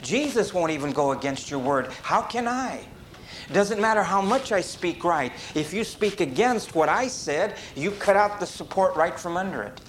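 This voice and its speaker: Emphatic male preacher, faint background hiss. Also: normal speed. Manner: animated, rises to emphatic peaks and drops low. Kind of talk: sermon.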